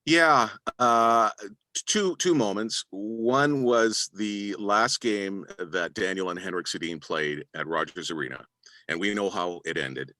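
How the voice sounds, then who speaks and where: A middle-aged man with a very deep, forceful announcer's voice talks through his career as an interview guest. He sounds humble and thankful, often restarting his sentences. The recording is dry and close, with no room sound. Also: slow pace, dry recording. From Canada. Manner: humble, grateful, hesitant restarts. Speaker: arena announcer and voice-over actor. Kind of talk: interview guest, reflective storytelling.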